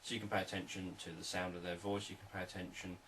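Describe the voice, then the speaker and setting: Man, very low voice, calm teaching talk, distant mic, faint hiss. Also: fast talker. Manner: calm, repetitive explanatory delivery. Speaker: hypnotherapist and sales trainer.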